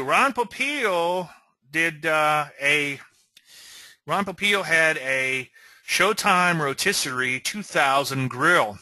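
A man's voice: fairly high pitch, animated, slow, sharp tone, no echo, rough recording. A man hosting an informal trading lecture, rambling through conversational asides and often checking in with "okay?". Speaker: trading educator and show host.

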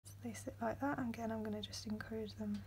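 A young woman, hosting a step-by-step beading tutorial in a soft voice that often drops to a whisper, with frequent ums. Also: fairly high pitch, fairly even intonation, fast talker, vocal fry, slight background noise.

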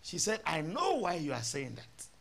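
A man's voice: fairly high pitch, huge pitch swings, normal speed, gravelly, a bit bright. A male pastor, telling a story in a sermon and acting out both sides of the dialogue.

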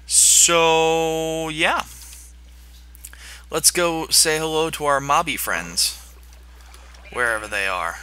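A young man narrating his gameplay at an unhurried pace, breaking into playful taunts at the monsters. His voice is very bright and sharp. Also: a little high, smooth. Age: young adult. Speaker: gaming video host. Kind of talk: gameplay commentary.

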